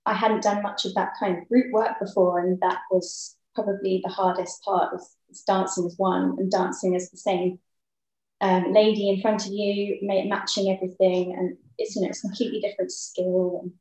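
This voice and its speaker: A young woman, a ballet dancer, talking thoughtfully in a casual interview with many pauses and ums. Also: medium pitch, level tone, a little mellow. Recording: echoey room.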